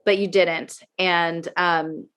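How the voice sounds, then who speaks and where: A woman's voice: fairly low pitch, flat delivery, takes it slowly, clear, resonant tone. A middle-aged woman performer chatting as a podcast guest, rambling with plenty of fillers. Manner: rambling, lots of fillers, warm praise. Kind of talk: casual chat.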